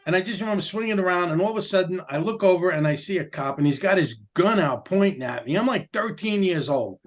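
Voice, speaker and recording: A man's voice: sits high, fast talker. Profane New man telling stories. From Queens, New York. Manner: profane, animated storyteller. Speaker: podcast co-host. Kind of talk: casual comedic storytelling.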